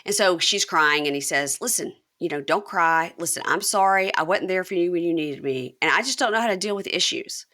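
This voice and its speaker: Woman host, low pitch, bright tone, animated recapper. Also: a little fast, hardly any pauses. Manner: animated retelling, acts out quotes. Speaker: podcast host. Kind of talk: casual recap chat.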